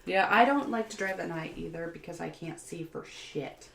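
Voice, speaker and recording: A woman's voice: lowish voice, moderate pace, gravelly. A woman co-hosting a casual podcast chat, talkative and blunt, swearing casually and laughing often. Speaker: podcast co-host. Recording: echoey room, faint background hiss.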